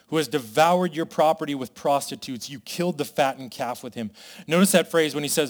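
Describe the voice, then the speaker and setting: A man preaching a sermon, animated and conversational, acting out the characters' complaints as he retells a parable. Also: fairly high pitch, moderate pace. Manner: animated, voices the brothers' complaints dramatically. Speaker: pastor.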